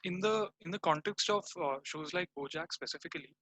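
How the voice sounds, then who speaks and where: A man hosts a podcast in a video call. His voice is very bright and a little higher than usual. He is relaxed and moves the talk along. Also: a little fast, rough recording. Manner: relaxed, reads out a list. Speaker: podcast host. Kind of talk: casual chat.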